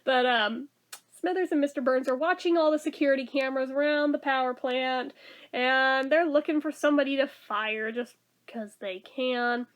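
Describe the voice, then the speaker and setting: A woman's voice: sits high, normal speed. A woman giving a casual spoken review of a TV episode, chatty and full of laughs, with "like" in almost every sentence. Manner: chatty, laughs often, says "like" a lot.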